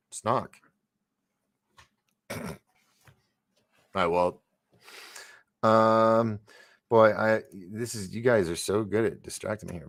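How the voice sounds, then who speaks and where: Hosting a casual livestream, this man rambles while reading out viewer comments, trailing off and starting over often, with laughs and gasps in between. His voice sits on the low side with a fairly bright tone, recorded at studio quality without echo.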